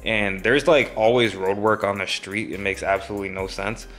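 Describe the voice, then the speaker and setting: A man's voice: fairly low pitch, fairly even intonation, moderate pace, fairly bright tone, soft background music. A young man vlogging, telling a story in a rambling, casual way with many fillers.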